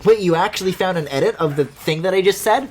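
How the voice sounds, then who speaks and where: A high-pitched man with a darkish tone speaks quickly as he streams a game, faint game music in the background. He delivers casual, rambling, sarcastic let's-play commentary peppered with swearing.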